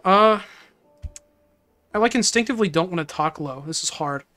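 A woman's voice: on the low side, expressive, moderate pace, fairly bright tone, faint music behind. Giggly, rambling woman streamer. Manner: giggly, rambling, easily flustered. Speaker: game streamer. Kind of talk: casual livestream chat.

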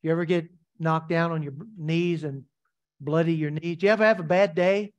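Emphatic preaching man, fairly high voice. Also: fairly even intonation, normal speed, smooth. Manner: emphatic preaching with repeated lines and rhetorical questions. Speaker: pastor. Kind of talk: sermon.

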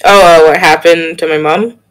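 A young man in casual podcast chat, telling an animated story with laughter and sudden jumps in pitch. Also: normal speed, clear, resonant tone, low-quality recording. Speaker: podcast co-host.

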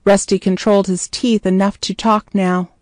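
A woman narrating a scripted story in a measured, clear way. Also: medium pitch, level tone, darkish tone, no echo, studio quality.

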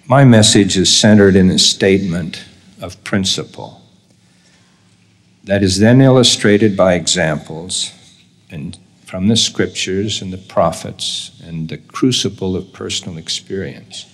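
An older man giving a formal devotional sermon in a slow, measured, deliberate way. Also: deep voice. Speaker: church leader giving a devotional address.

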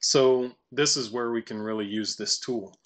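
A man walking through a software tutorial casually, thinking aloud and reading lines out to test them. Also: medium pitch, fairly even intonation, normal speed. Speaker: tutorial presenter. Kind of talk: screen-recorded software tutorial.

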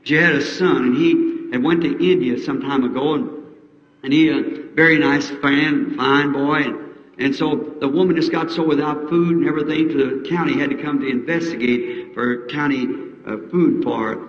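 A middle-aged American man preaching a revival sermon, folksy and fervent, rising to high emotional peaks. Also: fairly even intonation, moderate pace, dull audio. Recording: 1960s archive tape in an echoey hall.

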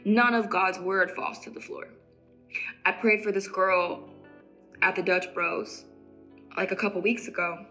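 A woman casually preaching to camera as an evangelist, emphatic and repeating phrases for stress, sometimes dropping to a hushed near-whisper. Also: mid-range voice, fairly even intonation, unhurried, pauses often, soft background music. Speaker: Christian evangelist.

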